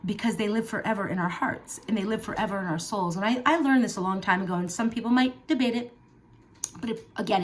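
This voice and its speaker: Earnest heartfelt woman vlogger. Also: medium pitch. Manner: earnest, heartfelt, emphatic, with fillers. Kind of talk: personal talk to camera.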